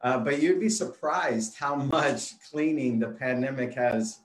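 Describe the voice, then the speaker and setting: A man's voice: medium pitch, measured pace. Easygoing man in an echoey room. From Phoenix, Arizona. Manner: easygoing, frequent "uh" fillers. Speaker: guest kids pastor. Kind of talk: casual interview.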